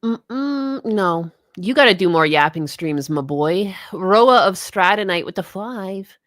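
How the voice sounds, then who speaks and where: A woman's voice: mid-range voice, lively intonation, slow pace, a bit bright, no echo, clean studio sound. A woman co-hosting a live stream, bantering casually, teasing and blunt, laughing often. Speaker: streamer co-host.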